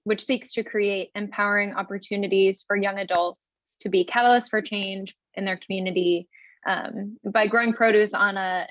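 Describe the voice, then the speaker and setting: A woman's voice: medium pitch, dry recording. Young woman moderator, student group officer; reads from notes with occasional ums; dry, dull-sounding call audio. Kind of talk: reading prepared announcements and introduction.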